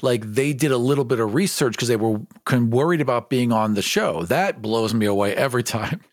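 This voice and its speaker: A man's voice: medium pitch, animated, brisk, no room sound, clean studio sound. A man co-hosting a podcast, chatting casually with an easygoing, teasing manner. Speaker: podcast co-host and editor. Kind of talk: casual chat.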